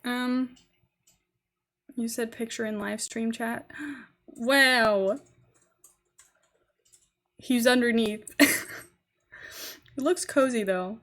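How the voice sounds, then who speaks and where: Young posh english girl rambling on stream, giggly, a bit high-pitched. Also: steady tone, drawn-out words, pauses often, fairly bright tone. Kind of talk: casual live-stream chat while gaming.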